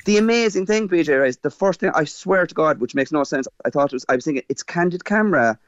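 Irish man, 50s, Cork accent, animated halting storyteller, muffled dry line. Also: fairly high pitch, no echo. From Ireland. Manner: animated, halting with fillers and restarts. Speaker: guest. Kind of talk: casual interview storytelling.

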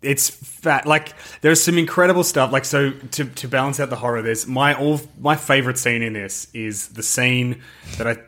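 A man in casual conversation about a film, animated and laughing as he retells his favorite scenes. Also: mid-range voice, normal speed. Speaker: film podcast co-host. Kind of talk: casual film review chat.

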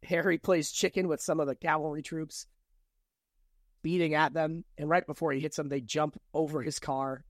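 A man's voice: a little high, normal speed, dry recording. Dry, close man retelling a story. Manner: retells the plot, reads quoted passages aloud with lively emphasis. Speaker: podcast co-host recapping a novel. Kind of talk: casual book-recap chat.

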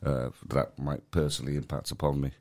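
A man with a Manchester accent and a very deep, low voice chats casually on a podcast. He sounds tired and rambles, restarting his sentences often. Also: little pitch movement, brisk, gravelly, a little mellow. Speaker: podcast co-host, comedy promoter. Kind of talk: casual chat.

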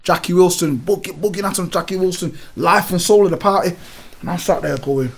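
A man, a gym owner telling stories in an animated, emphatic way full of street on a casual podcast. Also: high-pitched, a little fast, slightly rough. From Britain. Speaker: gym owner and powerlifting guest.

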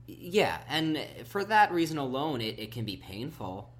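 A man co-hosts a casual podcast in an easygoing, agreeable way. He often backs up his co-host and fills his pauses with "um" and "like" as he talks. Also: mid-range voice, sing-song. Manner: easygoing, agreeable, many fillers. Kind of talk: casual chat.

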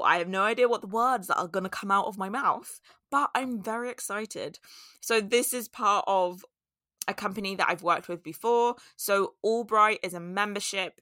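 Woman, solo podcast host, chatty and heartfelt, mid-pitched, dry close mic. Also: sharp tone, no room sound. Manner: emotional, grateful, chatty.

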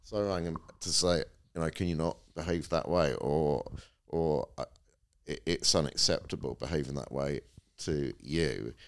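A middle-aged father, reflective and measured, asking questions and mulling over events in a casual podcast chat. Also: a bass voice, gravelly.

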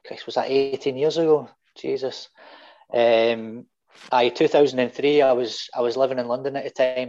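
A middle-aged Scottish man telling animated fan stories in a casual chat, acting out the quotes and swearing freely. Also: mid-range voice, muffled recording. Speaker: guest fan. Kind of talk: casual storytelling.

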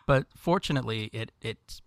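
A man's voice: medium pitch, normal speed, gravelly, no room sound, studio quality. A man co-hosting a podcast in casual chat, easygoing and rambling, laughing often, recording remotely from home. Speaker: podcast co-host.

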